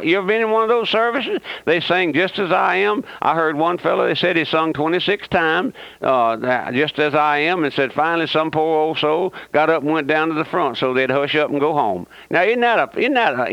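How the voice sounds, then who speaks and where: A man delivering a fervent radio sermon in a fairly high voice, repeating phrases and hammering listeners with rhetorical questions. His folksy, sarcastic address comes through a dry, muffled lo-fi radio recording with no room sound. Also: animated, fairly quick, vocal fry, hardly any pauses, a bit bright, no echo. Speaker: radio preacher.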